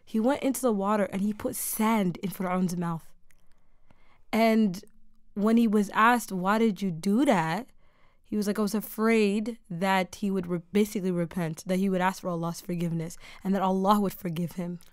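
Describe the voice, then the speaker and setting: A young woman hosting a podcast in a dark studio, talking earnestly about faith with halting restarts and rising emphasis. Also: medium pitch, fairly even intonation, no room sound. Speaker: podcast host. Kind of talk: casual faith-centered conversation.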